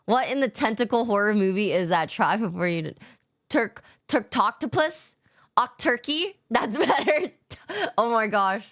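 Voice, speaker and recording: A woman's voice: on the high side, expressive, a little slow, fairly bright tone. A young adult woman streamer chatting casually with her chat, laid-back, swearing often and laughing a lot. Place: home streaming setup.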